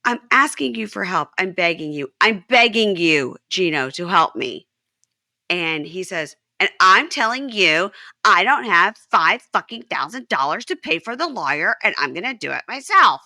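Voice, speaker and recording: A woman's voice: mid-range voice, very animated, normal speed, vocal fry, sharp tone, dry recording, studio quality. A woman hosting a podcast, recapping a show in casual chat and retelling the dialogue with animation. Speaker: podcast host.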